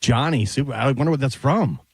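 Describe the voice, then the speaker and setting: A man's voice: medium pitch, a little fast, slightly rough, no room sound, studio quality. Wry radio co-host man. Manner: wry, teasing sidekick. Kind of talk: morning radio banter. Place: radio studio.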